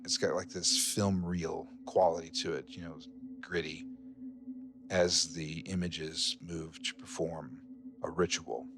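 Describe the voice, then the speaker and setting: A man running a horror tabletop game as game master, narrating slowly and sometimes dropping to a whisper. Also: deep voice. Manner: slow, hushed narration that drops to a whisper.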